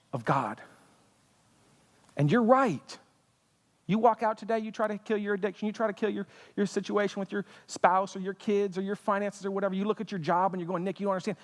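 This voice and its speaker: Impassioned male preacher, high voice. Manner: impassioned preaching with rhetorical questions and humor. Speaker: pastor. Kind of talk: sermon. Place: church sanctuary. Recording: long church hall reverb.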